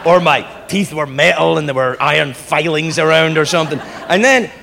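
A man's voice: fairly high pitch, normal speed, creaky, sharp tone, long reverb tail. A man performing a stand-up comedy set, telling stories animatedly, swearing and acting out characters. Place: comedy club stage before a laughing audience. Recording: live audience noise and crowd laughter.

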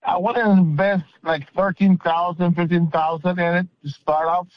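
Male radio caller, polite, hesitant, slightly high voice, muffled phone line. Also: fairly even intonation, normal speed, no room sound. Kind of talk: phone-in question.

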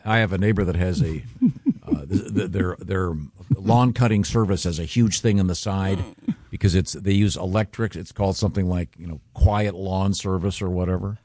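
A man hosting a casual morning radio show, talking in halting restarts. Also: low voice, fairly even intonation, darkish tone, dry recording.

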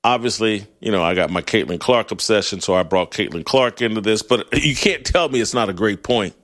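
A man's voice: fairly low pitch, fairly quick. A middle-aged man hosting a sports talk show, delivering a blunt, opinionated monologue with frequent laughs and restarts. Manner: animated, blunt, laughs often, restarts mid-phrase.

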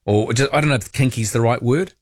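A playful, chatty male radio host taking calls from listeners. He talks at an everyday pitch, jokes freely, and sounds close and dry on a studio mic. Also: a little fast, no echo. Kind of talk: casual chat with callers. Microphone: studio microphone.

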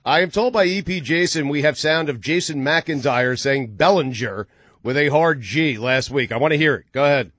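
A man's voice: fairly high pitch, moderate pace, fairly bright tone, no echo, clean studio sound. A man hosting a casual sports talk radio show, laid-back and self-deprecating, chuckling easily.

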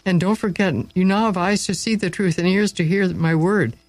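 A man voicing a kind and gentle king who speaks calmly and solemnly. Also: high-pitched, moderate pace, no room sound, pitched above the performer's own voice, lightly acted.

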